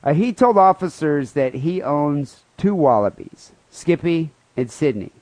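A man hosting a comedy podcast, riffing on a news story with crude, profane jokes and mock outrage. His voice sits a bit higher than most men's. It is recorded close and dry, with no room sound. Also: expressive, measured pace, darkish tone, no echo. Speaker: podcast co-host. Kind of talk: casual comedic podcast banter.

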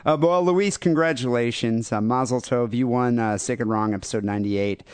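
A man's voice: mid-range voice, brisk, darkish tone, smooth, no echo. A man hosting a casual comedy podcast, rambling and joking with many fillers. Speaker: podcast host.

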